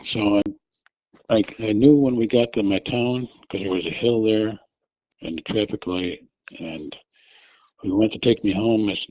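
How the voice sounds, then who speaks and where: A middle-aged man recounts a personal ordeal for an interviewer, often restarting his sentences. His voice is mellow and dark, and it climbs high and loud when he re-enacts his own shouting. The recording is dry, with no room sound. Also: moderate pace, long pauses, breathy edge, dry recording, rough recording. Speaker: interview guest telling his testimony. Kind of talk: personal storytelling. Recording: audio only.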